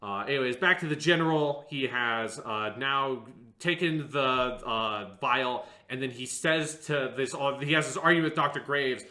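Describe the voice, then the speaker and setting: Bright-voiced man rambling in an echoey room. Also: medium pitch, moderate pace, few pauses. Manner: rambling, hesitant, lots of fillers, mocking impressions. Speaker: podcast co-host. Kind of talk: casual review discussion.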